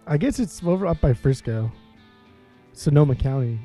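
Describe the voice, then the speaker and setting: A young man with a very dark, mellow voice rambles easily about beer and cracks crude jokes. Faint guitar music plays underneath. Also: fairly high pitch, lively intonation, normal speed, husky. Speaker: podcast co-host reviewing beer. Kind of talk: casual chat.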